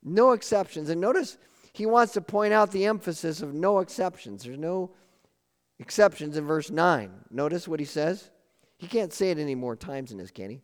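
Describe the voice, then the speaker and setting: A man's voice: a little high, lively intonation, moderate pace. A man preaching a sermon with emphatic repeated phrases and questions to the congregation. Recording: long hall reverb.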